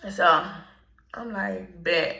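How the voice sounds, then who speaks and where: Slow, gravelly woman telling a story. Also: lowish voice, sharp tone, roomy sound, low-quality recording. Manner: slangy, laid-back storytelling; keeps clearing her throat. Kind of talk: casual storytime.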